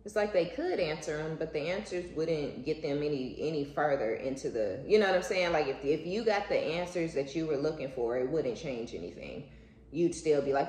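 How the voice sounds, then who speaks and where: Blunt, profane woman with a low voice. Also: lively intonation, a little fast, a little mellow, reverberant, slight background noise, rough recording. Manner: blunt and profane, repeating words for emphasis. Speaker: intuitive reader. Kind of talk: casual spiritual reading monologue.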